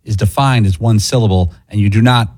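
A man on a sports radio show calmly explaining what he looked up. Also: on the low side, husky, no room sound, clean studio sound. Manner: measured, explanatory. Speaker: co-host.

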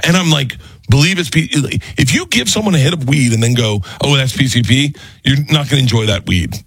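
Husky man telling a comedy story. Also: medium pitch, fast talker, no room sound. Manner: animated, jumps into voices mid-story. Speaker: comedian guest. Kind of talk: storytelling on a podcast.

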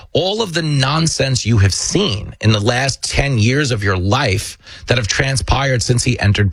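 A man's voice: mid-range voice, fairly bright tone, breathy edge, no room sound. A man hosting a political commentary show, talking emphatically and sarcastically. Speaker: show host.

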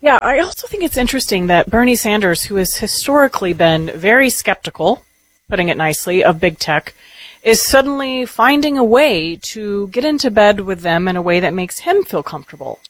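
A male co-host chimes in with wry, quick remarks during a political talk show. His pitch moves about in a lively way as he talks. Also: rough recording. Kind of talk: casual political chat.

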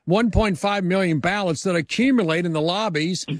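A high-pitched man hosting a political talk show, rambling and halting with fillers as he builds up to his questions. His voice sits close and dry, with no room around it. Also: no echo.

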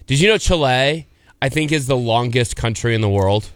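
A man's voice: medium pitch, lively intonation, normal speed, clear, resonant tone, dry recording, clean studio sound. A man co-hosting a casual chat, playfully teasing over pronunciations and saying "like" a lot. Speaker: co-host.

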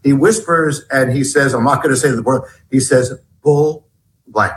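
A middle-aged man telling a personal story as a guest, animated and halting, with many restarts. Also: mid-range voice, a little hiss or hum, poor audio. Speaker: guest author. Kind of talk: storytelling in an interview.

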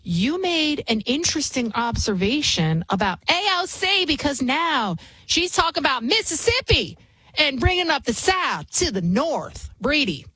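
A woman hosting a talk radio show who talks fast, barely pausing, in an opinionated and mocking way. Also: sits high, very animated, pushed and bright, no room sound, rough recording. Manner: talks fast, rarely pauses; mocking, sarcastic.

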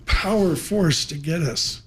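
A man's voice: on the high side, slow pace. A middle-aged man hosting a live radio show, talking in an effusive, rambling way with joking asides.

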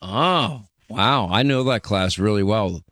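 A man from Long Island hosting a call-in radio show, talking briskly and casually with callers. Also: on the low side, fairly bright tone, no room sound, clean studio sound. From Long Island, New York. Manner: brisk, chatty, quick to joke. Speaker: radio talk show host.

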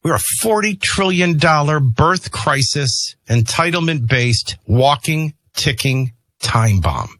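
A middle-aged man hosting a show, rambling between personal stories and opinion rants in an animated way. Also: fairly high pitch, takes it slowly, few pauses, no echo. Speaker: host. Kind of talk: opinion monologue with storytelling.

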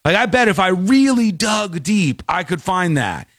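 Animated, incredulous man in his forties. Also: high-pitched, unhurried, no echo, clean studio sound. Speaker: host. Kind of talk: casual commentary.

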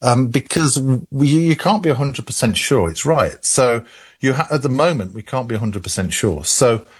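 A man's voice: mid-range voice, animated, moderate pace, breathy edge. A man with an English accent, an expert guest on a call-in radio show, explaining at length with many restarts. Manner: rambling with many restarts and laughs.

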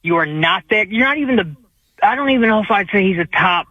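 A man's voice: sits high, animated, fast, husky, no room sound. A male caller on a sports show, arguing his point emphatically with casual slang and repeated words. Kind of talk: phone-in opinion. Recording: tinny dry phone line.

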